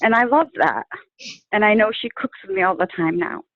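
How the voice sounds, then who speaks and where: A woman's voice: medium pitch, animated, normal speed, dry recording. Woman on a tinny, phone-like line. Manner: earnest, with frequent fillers. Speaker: guest sharing her coaching story. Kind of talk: casual interview.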